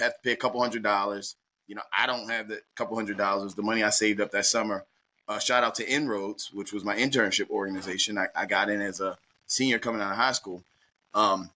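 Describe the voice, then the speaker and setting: A middle-aged man from Baltimore, a guest telling a personal story in a lively, anecdotal way, acting out the dialogue. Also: on the low side. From Baltimore, USA.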